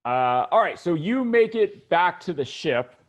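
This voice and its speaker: Male game master, unhurried and halting, somewhat high pitch. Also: big pitch swings. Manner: halting, many fillers and restarts. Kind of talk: narrating a tabletop game.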